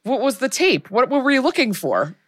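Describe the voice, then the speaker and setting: A woman co-hosting a podcast in casual chat, wry and quick to laugh. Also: sits high, sing-song, fairly bright tone. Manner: wry, laughs often, short reactions. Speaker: podcast co-host.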